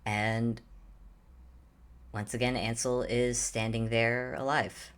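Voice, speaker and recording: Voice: medium pitch, flat delivery, slow pace, clean tone. A player describing a character's actions in a tabletop game, searching for words and restarting phrases.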